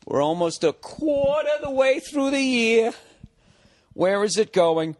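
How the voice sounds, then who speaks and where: A man's voice: very high voice, expressive, measured pace, a little mellow, no echo, studio quality. A man hosting his own podcast from a room at home, ranting sarcastically and swearing a lot. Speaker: podcast host. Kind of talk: solo comedic podcast rant.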